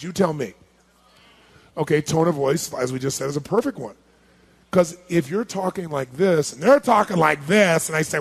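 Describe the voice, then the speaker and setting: A man's voice: on the high side, vocal fry, a little mellow, slightly rough. A man giving a live seminar talk to an audience. He speaks emphatically, fires rhetorical questions at the crowd and repeats key points for emphasis.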